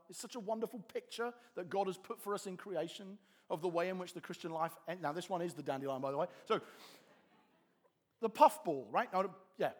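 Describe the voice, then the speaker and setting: A man delivering a sermon in a high, bright-sounding voice. He explains calmly, then swells into loud, emphatic declarations. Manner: animated, builds to emphatic peaks. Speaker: pastor.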